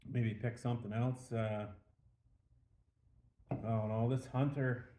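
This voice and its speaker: A man's voice: mid-range voice, little pitch movement, slow, background noise. A man hosting a casual beer review show, rambling a little with fillers as he tells a joke, in an echoey room.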